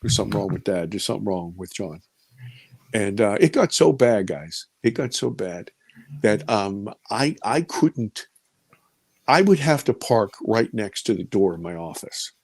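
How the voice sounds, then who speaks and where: A middle-aged man, a film producer, telling a personal story in an interview, animated and emotional, swinging between loud and hushed. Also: on the low side, unhurried, husky, no room sound.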